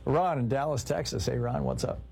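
A man's voice: medium pitch, brisk, creaky, darkish tone. A man hosting a call-in talk radio show, chatting casually with callers and correcting them.

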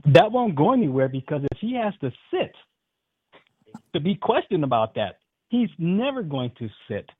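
A man's voice: on the high side, big pitch swings, moderate pace, breathy edge, no room sound. Indignant male caller on a tinny phone line. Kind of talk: call-in radio chat.

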